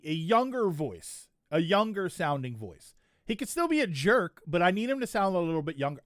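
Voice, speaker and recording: A man's voice: high-pitched, no room sound, clean studio sound. A man streaming live, chatting casually and reacting to a trailer, rambling with frequent restarts. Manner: rambling, restarts, laughs often.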